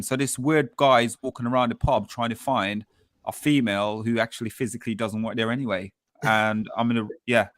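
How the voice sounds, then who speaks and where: A man hosting a casual football fan chat show, telling stories and acting out quotes with lively energy. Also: mid-range voice, brisk, no room sound, studio quality. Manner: animated storytelling, acts out quotes. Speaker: podcast host.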